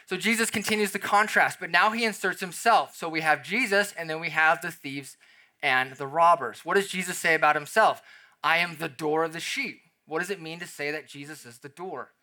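A young adult man preaching a sermon, dropping to a soft emphasis on key phrases and swinging his loudness up and down. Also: on the high side, a little fast. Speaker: pastor.

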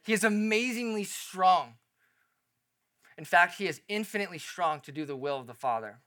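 A man preaching a sermon as pastor, emphatic and animated, asking rhetorical questions and lowering to a quiet tone for reassurance. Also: normal speed.

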